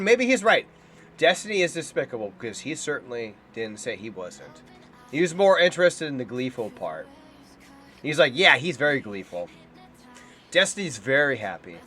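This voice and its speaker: Indignant male commentator, lively voice. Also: fairly high pitch. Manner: indignant, heated and scornful, ranting. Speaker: political commentator. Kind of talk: reaction commentary on a clip.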